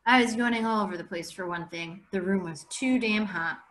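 A woman's voice: mid-range voice, a little fast, fairly bright tone, slight background noise. Woman teacher reading a novel aloud. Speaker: English teacher.

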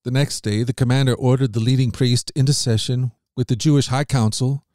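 A man of middle pitch reads scripture in an even, measured way, lifting his voice a little whenever someone is quoted. The sound is dry and close to the mic, with no room around it. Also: dry recording. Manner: measured, steady reading with lifts on quoted lines. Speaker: podcast host reading scripture. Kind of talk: scripted Bible reading.

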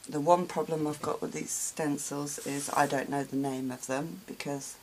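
A woman hosting a real-time craft tutorial, talking quietly to herself as she works. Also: low voice, steady tone, background noise. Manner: unhurried, talks while working, quiet asides.

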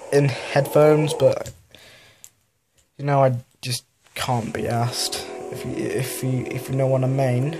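Slow rambling young man gaming. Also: mid-range voice, noisy background. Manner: rambling, hesitant, laughs when scared. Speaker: gaming YouTuber. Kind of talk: casual let's play commentary. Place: home room, family noise downstairs.

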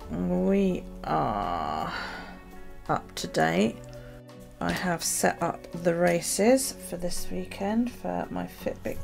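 A woman chatting casually about her journal and her chores, rambling with many pauses and ums. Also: sits low, creaky. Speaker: journaling vlogger. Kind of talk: casual chat.

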